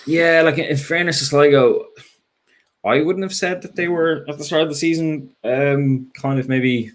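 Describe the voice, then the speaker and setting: A man's voice: fairly high pitch, fairly even intonation, normal speed. An Irish man chatting as a fan guest after a match, frank and rambling, with lots of ums and restarts. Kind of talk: casual post-match chat.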